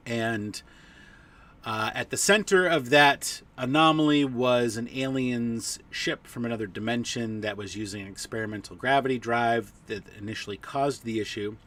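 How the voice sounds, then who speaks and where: Playful man, bright voice, off-mic. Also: medium pitch, distant mic. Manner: laughing, playful, then slow scene-setting with fillers. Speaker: game master. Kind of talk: casual tabletop game chat and narration.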